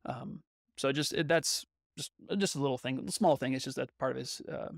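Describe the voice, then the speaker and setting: A man co-hosts a podcast in relaxed, analytical talk, working his points out as he goes. His voice has a gravelly edge. The recording is dry, with no room sound at all. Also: medium pitch, fairly quick, no room sound. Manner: thoughtful, analytical, searching for words. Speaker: podcast co-host. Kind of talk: casual podcast discussion.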